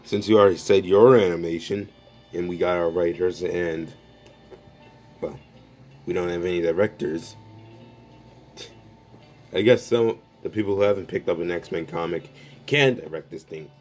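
A man's voice: low-pitched, moderate pace, pauses often, a little mellow, faint music behind. A man making an unscripted comedy skit, bickering back and forth as though several people share the table. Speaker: creator of an improvised comedy skit.

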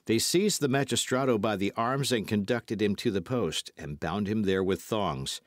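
A man narrating an audiobook with lively, dramatic storytelling. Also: on the low side, normal speed, no echo, clean studio sound. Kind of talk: scripted narration.

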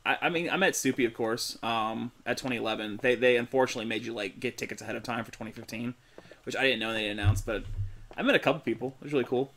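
A young man, co-hosting a gaming video, chatting in a laid-back, halting way while he plays. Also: mid-range voice, fairly bright tone. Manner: laid-back, halting, full of fillers and restarts. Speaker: gaming co-host. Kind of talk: casual chat while playing a horror game.

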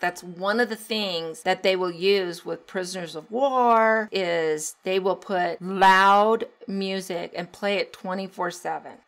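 Earnest woman host coaching parents. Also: on the low side. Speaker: podcast host. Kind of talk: solo parenting podcast talk.

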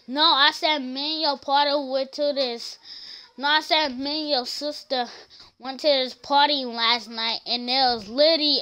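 A woman streamer plays out silly skits in a high, bright voice. She talks slowly between loud, playful shouts. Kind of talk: comedic skits with character voices.

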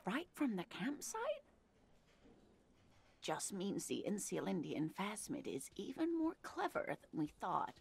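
An actress voicing a kindly older woman cryptozoologist, with a creaky, husky voice and an affectionate, wistful manner. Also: medium pitch, very animated, measured pace, a little mellow. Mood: surprised. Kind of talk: video game voice acting.

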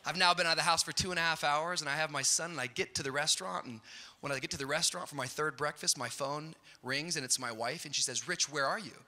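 A middle-aged man preaching a sermon, telling a funny story in a storyteller's way and building up to shouted peaks. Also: a little high, quick pace. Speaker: pastor. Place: large church auditorium. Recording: hall reverb.

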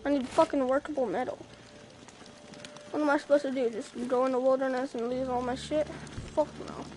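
A young woman loudly commenting on her VR game, swearing often and breaking into frustrated yelling. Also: high-pitched, steady tone, fairly quick, background noise. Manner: loud, profane, swings into shouting frustration. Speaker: VR gamer. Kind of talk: casual gameplay commentary.

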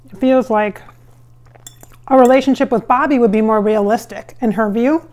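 A woman's voice: on the high side, normal speed, a little mellow. A woman chatting casually in a vlog while she cooks at home. She rambles, with many fillers and restarts. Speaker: psychic medium vlogger. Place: home kitchen with hardwood floors.

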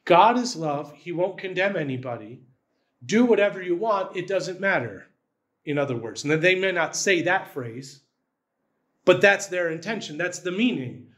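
A man's voice: high voice, lively intonation, moderate pace, fairly bright tone. A man, the church's pastor, preaching a sermon in a conversational style, often checking in with "right?".

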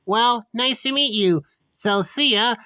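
A woman voicing a friendly, polite blonde teenage schoolgirl who speaks slowly. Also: a little high, bright, forceful tone, no room sound.

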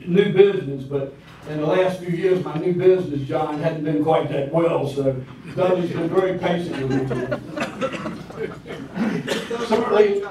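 A man's voice: on the high side, darkish tone, slight background noise. Folksy older Southern man in an echoey hall. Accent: Southern American. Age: 60s. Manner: folksy and personal, with hesitant fillers. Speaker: county commissioner speaking at a public event. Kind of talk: folksy public speech. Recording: echoey hall, picked up from a distance. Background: clinking cutlery and dishes.

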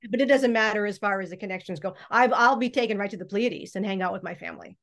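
A woman's voice: medium pitch, fast talker, fairly bright tone. A woman speaking as a guest in a casual podcast chat, rambling along with many restarts and hesitations. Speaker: guest mystic. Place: podcast recording, remote or studio.

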